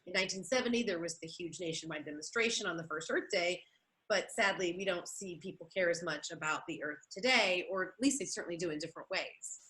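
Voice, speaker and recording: A woman's voice: mid-range voice, sharp tone, rough recording. A woman hosting a podcast interview who affirms her guest in a conversational way and reads out listener questions. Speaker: podcast host.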